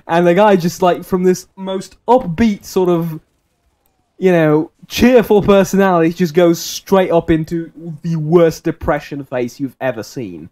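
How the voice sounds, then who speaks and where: A man's voice: on the high side, measured pace, a little mellow. A man in his twenties streaming a game and telling a rambling anecdote in casual chat. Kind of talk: casual chat while gaming.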